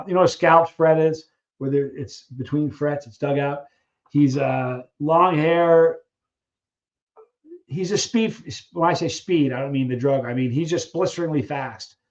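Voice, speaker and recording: A man's voice: a little high, muffled recording. Rambling man chatting on a live stream. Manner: rambling, chatty, trails off searching for names. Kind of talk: casual live chat reading viewer questions.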